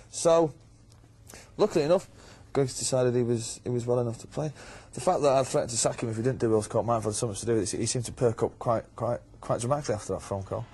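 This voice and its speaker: A man in an archive clip telling a wry, joking anecdote in a brisk, mock-incredulous way. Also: mid-range voice, warm tone, slightly rough.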